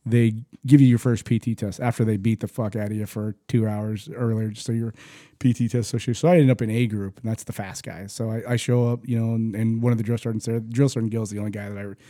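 A man's voice: on the low side, level tone, fast, warm tone, dry recording, clean studio sound. A man telling a rambling, profane story about army training, with frequent restarts. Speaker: guest, army veteran. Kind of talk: casual storytelling.

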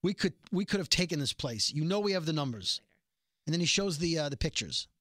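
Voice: mid-range voice, fairly quick, no room sound, studio quality. A podcast co-host giving a casual, sarcastic recap of a TV episode, acting out the characters' lines as they go. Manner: sarcastic, animated retelling of scenes.

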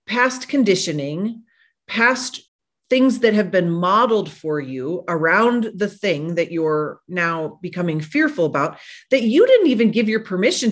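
Animated woman giving a motivational talk. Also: mid-range voice. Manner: animated, acts out quoted voices. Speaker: podcast host, psychologist.

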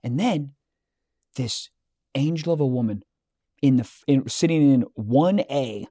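A young man co-hosting a podcast, telling a story in casual chat, animated, acting out both sides of an argument and swearing freely. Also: medium pitch, moderate pace. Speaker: podcast co-host.

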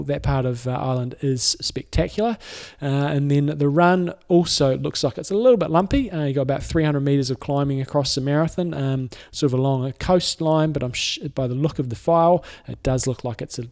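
A man's voice: medium pitch, darkish tone. A man co-hosting a sports podcast, talking casually and rambling with fillers and restarts. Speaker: podcast co-host. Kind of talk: casual chat.

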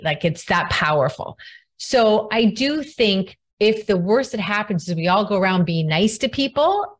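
Female host, conversational, talks her thoughts through out loud. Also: lowish voice. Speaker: podcast host. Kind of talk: conversational interview.

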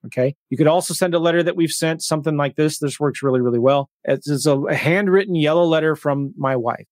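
A man hosting a live webinar, walking viewers through software with excitement and calling them guys. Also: a little high, quick pace, few pauses, no echo, clean studio sound. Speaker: host.

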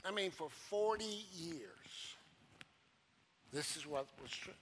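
A male pastor preaching a sermon, emphatic and repetitive, swinging from loud declarations to hushed low phrases. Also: lively intonation, slow, a little hiss or hum.

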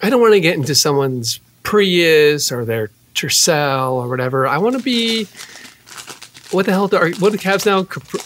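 An improv comedy performer who rambles in a chatty, excitable way. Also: mid-range voice, moderate pace.

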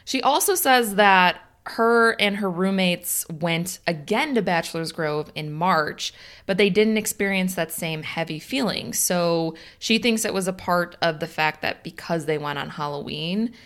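A woman from Illinois with a Chicago accent co-hosts a casual podcast, reading a listener's story aloud and chatting with easy laughs and short, dry replies. Her voice is lowish, fairly bright, and a little slow.

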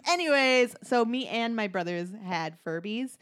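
A woman's voice: on the high side, unhurried, a crowd in the background. A woman in her twenties, hosting a casual chat and telling stories with frequent laughter and swearing. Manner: animated storyteller, swears, laughs often.

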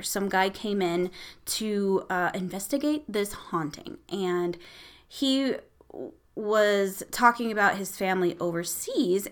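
A woman's voice: mid-range voice, a bit bright. Casting: woman podcast host, irreverent and profane, casual storyteller. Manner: irreverent, swears freely, laughs often. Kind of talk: casual storytelling about a haunting.

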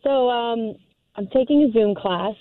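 A woman's voice: on the high side, measured pace, no room sound. Giggly young woman on a tinny phone line. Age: young adult. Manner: hesitant, giggly, lots of ums. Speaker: caller. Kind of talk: casual chat on a call-in show. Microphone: telephone.

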